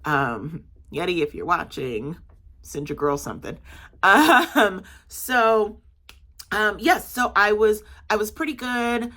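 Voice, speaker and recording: Chatty woman vlogger, bright tone. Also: medium pitch, slow. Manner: animated, chatty storytelling with many fillers. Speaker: market vendor vlogger. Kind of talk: casual storytelling vlog.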